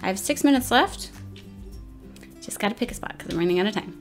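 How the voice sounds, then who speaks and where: Young female gaming YouTuber, casual commentary, mid-pitched, self-deprecating, stressed by the timer; light music in the background. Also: lively intonation, fairly quick. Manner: chatty, self-mocking, flustered under time pressure.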